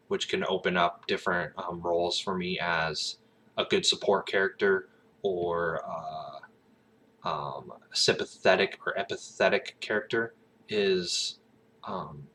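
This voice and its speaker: A man's voice: low voice, unhurried, pushed and bright, slight background noise. A man rambling casually and getting sidetracked as he talks about his acting plans, with lots of fillers. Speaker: aspiring actor vlogger.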